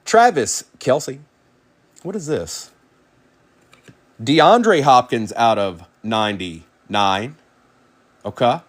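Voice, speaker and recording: A man hosting a live card break, rapidly calling out player names and chatting with viewers by name. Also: medium pitch, animated.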